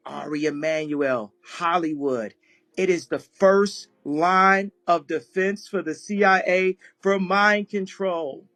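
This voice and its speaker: A man's voice: high-pitched, slow pace, sharp tone, faint music behind. A man telling a story in a casual live chat, often breaking into laughter as he talks. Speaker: guest speaker on an audio chat room.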